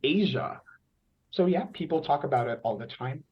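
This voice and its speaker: A man with a Filipino accent, answering speaking-test questions as a candidate in a thoughtful, measured way. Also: fairly high pitch, animated. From Philippines. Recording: dull video-call audio.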